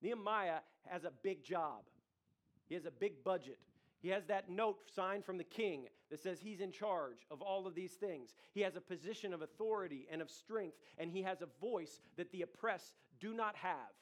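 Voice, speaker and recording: High-voiced man preaching a sermon. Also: moderate pace. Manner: conversational preaching with audience asides and acted quotes. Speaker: pastor.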